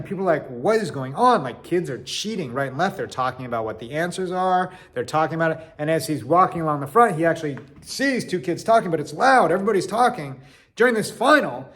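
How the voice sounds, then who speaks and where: A man telling a personal story in an animated way, swinging from loud to quiet. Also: fairly high pitch, quick pace.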